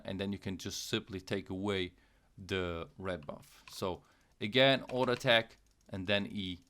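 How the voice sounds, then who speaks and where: A young man with a slightly low voice talks viewers through a video game tutorial in a relaxed, chatty way. He repeats key points, keeps saying "okay" and "guys", and breaks into goofy mouth sound effects. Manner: casual, repetitive, checks in with "okay" and "guys". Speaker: gaming channel host.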